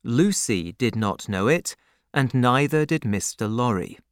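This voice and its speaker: A man reading a novel aloud in a measured, expressive narration. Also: medium pitch, dry recording, clean studio sound. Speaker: audiobook narrator. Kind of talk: scripted narration.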